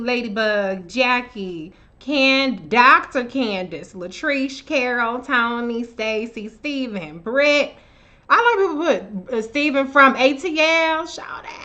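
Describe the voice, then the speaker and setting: Woman, live stream host, casual chat, bright and sharp tone, a bit high, profane, blunt. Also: dull audio. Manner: animated, shouts out viewers by name. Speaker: livestream host. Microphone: own camera on a live stream.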